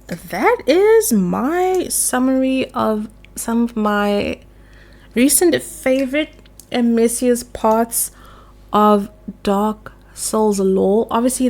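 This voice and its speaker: A woman's voice: fairly high pitch, darkish tone. A young woman casually chatting about game lore while doing her makeup, playful and swearing now and then. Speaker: gaming lore vlogger.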